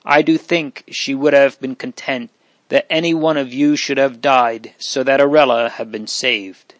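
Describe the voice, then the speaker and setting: A man's voice: mid-range voice, fairly even intonation, a little slow, dry recording, lightly acted, rough recording. A man voicing a haughty but remorseful young countess, speaking earnestly. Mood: distressed. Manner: pleading, earnest.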